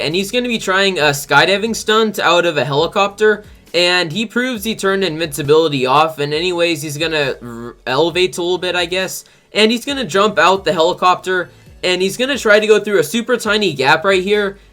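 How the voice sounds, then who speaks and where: High-voiced man rambling over game clips. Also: fairly quick, fairly bright tone, faint music behind. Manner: rambling, heavy use of "like". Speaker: gaming channel host. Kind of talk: casual gameplay countdown commentary.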